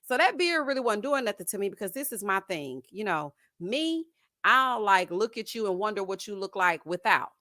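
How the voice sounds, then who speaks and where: A woman hosting a live stream, giving sassy, animated commentary and calling her viewers "honey" and "child". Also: medium pitch, moderate pace, no room sound, clean studio sound. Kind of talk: casual reality-show commentary.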